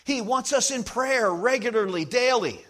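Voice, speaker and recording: Man, pastor, sermon, high voice, emphatic, slow stressed lines. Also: lively intonation, fairly bright tone. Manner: emphatic preacher, slows for stress, acts out little scenes.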